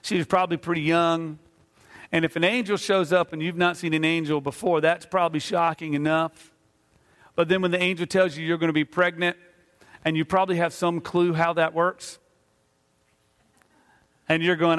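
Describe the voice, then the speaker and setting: A pastor preaching a sermon, telling a Bible story conversationally and acting out the voices of its figures. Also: male voice, high voice, moderate pace, a bit bright. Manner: conversational with fillers. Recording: long hall reverb.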